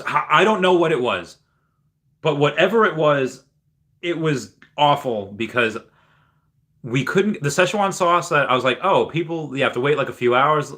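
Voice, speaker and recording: Rambling bright-voiced streamer guy. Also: medium pitch. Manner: rambling, many fillers and restarts; reads viewer chat aloud and replies. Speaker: livestream host. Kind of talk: casual livestream chat.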